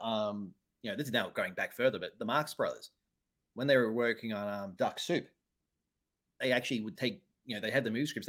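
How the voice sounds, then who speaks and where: A man co-hosting a podcast, chatting about film history at length with a teasing streak. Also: medium pitch. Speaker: podcast co-host. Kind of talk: casual film chat.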